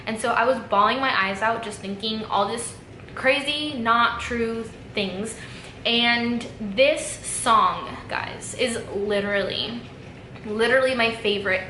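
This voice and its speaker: Young woman vlogger, heartfelt and rambling, crisp bright voice, roomy echo. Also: medium pitch. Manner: earnest, emotional, many fillers like "like" and "just". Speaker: YouTube vlogger. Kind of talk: casual talk to camera. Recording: echoey room, faint background noise.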